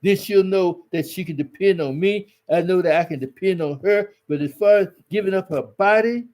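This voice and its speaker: A man with a fairly high but mellow, warm voice delivers religious relationship advice. He talks in a folksy, exhorting way, hammering points home by repeating his words. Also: moderate pace. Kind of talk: preachy religious advice talk.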